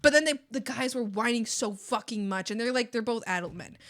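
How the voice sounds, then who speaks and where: A young adult woman streamer venting a story to her chat in a casual, animated, profane way. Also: a little high, fairly quick. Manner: animated, profane, mocking whiny voices. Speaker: art streamer.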